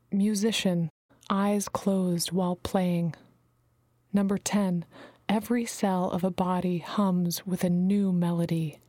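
A woman reading a novel aloud in measured, even storytelling narration. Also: medium pitch, dry recording, studio quality. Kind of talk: scripted audiobook narration.

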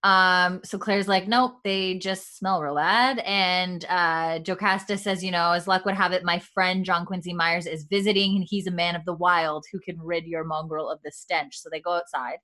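A woman's voice: lowish voice, steady tone, moderate pace, few pauses, bright, forceful tone. A woman hosting a casual podcast chat, retelling scenes with quoted lines, many fillers and frequent laughs. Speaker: podcast host recapping a TV episode.

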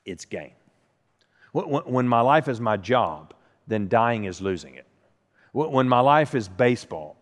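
A man preaching a sermon as pastor, often stuttering and repeating words as he starts a line. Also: mid-range voice. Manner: stammers and repeats the first sounds of words. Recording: long hall reverb.

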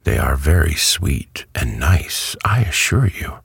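A man voicing a brisk, self-assured talking hen, with a cackling manner and a raised, husky voice in a storybook reading. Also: very deep voice, big pitch swings, fairly bright tone, no room sound, clean studio sound, voice pushed up, exaggerated voice. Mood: matter-of-fact. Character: chatty, matter-of-fact talking yellow hen, female.

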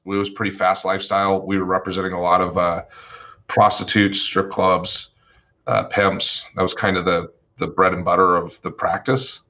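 Lower-voiced man with a bright, forceful edge. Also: moderate pace. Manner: animated, profane, acts out the people he quotes. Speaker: attorney telling stories from his career. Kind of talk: casual storytelling chat.

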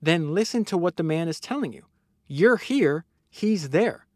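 A man's voice: fairly high pitch, expressive, a little slow, no echo, voice pushed up. Casting note: a man doing a curt, impatient older businessman, dry close sound. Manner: curt, commanding quotes.

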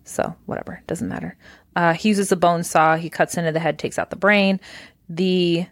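A woman's voice: on the low side, fairly even intonation, normal speed, no echo. A young woman co-hosting a podcast in casual movie-review chat, teasing and laughing often. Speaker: podcast co-host.

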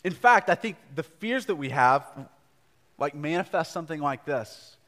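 Earnest young pastor in a reverberant church. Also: male voice, fairly high pitch, expressive, moderate pace, fairly bright tone. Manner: conversational, earnest, with asides to the congregation. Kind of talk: live sermon. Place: church gathering before a congregation. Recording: live church recording with long hall reverb.

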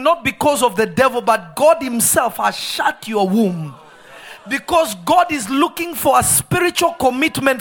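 High-voiced man preaching a fervent sermon. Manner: shouted, sing-song preaching cadence. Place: church sanctuary.

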